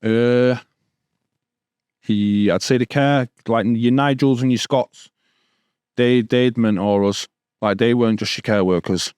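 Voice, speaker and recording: A man's voice: medium pitch, steady tone, unhurried, pauses often, darkish tone, clear, resonant tone, dry recording, clean studio sound. A man from Stockport with a Manchester accent, a podcast guest in his thirties telling stories in casual street slang. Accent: Manchester English. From Stockport, England. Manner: casual street slang, repeated "bro" and "do you know what I mean". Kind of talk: storytelling in a podcast interview.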